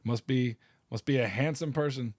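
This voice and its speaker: Man reading viewer shout-outs, dry sound. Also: mid-range voice, moderate pace, no room sound. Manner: casual, playful, reads names aloud. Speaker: history teacher. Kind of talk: livestream reading viewer comments.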